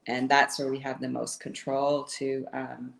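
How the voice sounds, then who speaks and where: Low, gravelly-voiced woman co-host. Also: little pitch movement, a little slow, roomy sound. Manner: reflective and encouraging, with many fillers. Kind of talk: live video chat.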